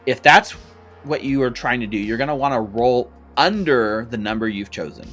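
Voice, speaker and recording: A man's voice: mid-range voice, moderate pace, fairly bright tone, faint music behind. A man running a tabletop game as game master, explaining rules with an easygoing, laughing manner.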